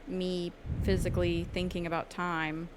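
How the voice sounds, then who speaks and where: A woman's voice: lowish voice, flat delivery, measured pace, noisy background. A young adult woman co-hosting a podcast, chatting casually and laughing often. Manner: chatty, laughs often, slips into mock voices. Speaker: podcast co-host. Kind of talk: casual chat.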